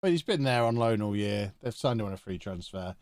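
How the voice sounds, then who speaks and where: A man's voice: on the low side, expressive, a little fast, a little mellow, no room sound. A man, talking to himself in chatty commentary while streaming a video game live. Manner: chatty, thinking aloud to himself.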